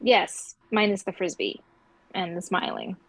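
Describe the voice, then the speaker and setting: A woman reading a deadpan, skeptical teen girl. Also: lowish voice, unhurried, breathy edge, dry recording, heavily acted, poor audio. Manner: deadpan, dry.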